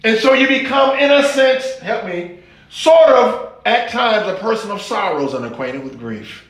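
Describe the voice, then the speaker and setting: A man's voice: high-pitched, animated, unhurried, fairly bright tone, very echoey. A man preaching a sermon as pastor, folksy and humorous, with rising exclamations.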